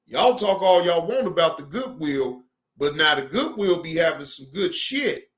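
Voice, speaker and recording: Profane, animated man ranting on stream. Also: a little high, moderate pace. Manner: animated, profane, repeats himself for emphasis. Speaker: streamer reacting to news. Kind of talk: casual profane rant.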